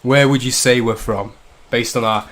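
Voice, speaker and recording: A man's voice: medium pitch, steady tone, normal speed, fairly bright tone. A man from the north of England hosts a casual drinking livestream. He jokes constantly, swears freely and keeps up a running banter in an ordinary mid-range voice. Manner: swearing, joking banter with frequent laughs. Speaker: livestream host. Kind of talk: casual drinking-stream chat.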